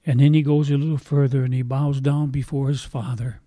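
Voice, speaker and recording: A man's voice: medium pitch, flat delivery, a little fast, dark tone, no room sound. An older man preaching a sermon in an earnest, emotional way, retelling a story dramatically.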